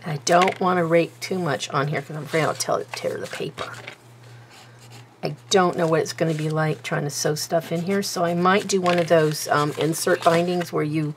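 A craft video host with a low-pitched voice talks at a normal speed with fairly even intonation, with slight background noise. Working on a paper craft at her table, she chats casually to herself, talkative and self-mocking.

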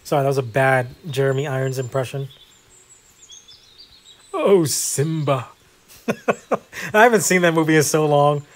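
A gaming video host chats casually over gameplay, rambling and self-deprecating with lots of fillers. He is a fast talker with a mid-range voice and a steady tone.

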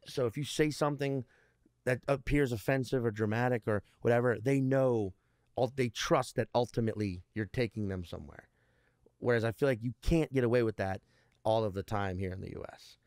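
A man's voice: mid-range voice, fairly quick, darkish tone, dry recording, studio quality. A male stand-up comedian guesting on a podcast, talking in a rambling, profane way with many restarts. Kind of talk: casual podcast interview.

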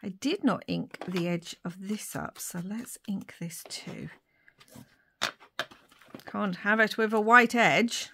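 Slow-talking woman crafting at home. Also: mid-range voice, animated, slight background noise. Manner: thinks aloud while working, with frequent fillers and asides; drops to soft whispers between remarks. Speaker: papercraft vlogger. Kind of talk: chatty crafting tutorial.

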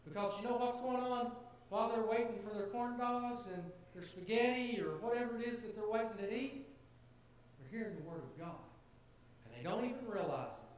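A man's voice: high voice, expressive, a little fast. A man preaching a sermon to his congregation in an earnest, conversational way, building to emphatic points. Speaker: pastor. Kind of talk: sermon to a church gathering. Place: church sanctuary. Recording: very echoey church hall, faint hiss.

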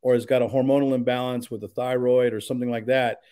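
Male pastor guest, mid-pitched, earnest and emphatic, casual talk. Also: little pitch movement, fast, dark tone. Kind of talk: casual podcast conversation.

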